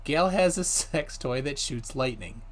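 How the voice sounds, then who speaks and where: A man's voice: medium pitch, lively intonation, unhurried. A man hosting a live stream, chatting casually, laughing and reading viewer comments aloud. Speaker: livestream host.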